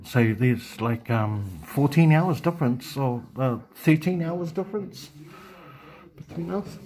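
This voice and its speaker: A man's voice: mid-range voice, lively intonation, slow pace, dark tone. A man chatting casually on a live stream, rambling and hesitant, full of ums and restarts.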